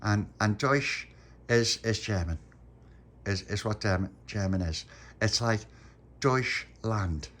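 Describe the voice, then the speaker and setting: A man's voice: fairly low pitch, slow, pauses often, fairly bright tone. A man voicing a clever little girl who patiently explains things, stumbling a little. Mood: explaining.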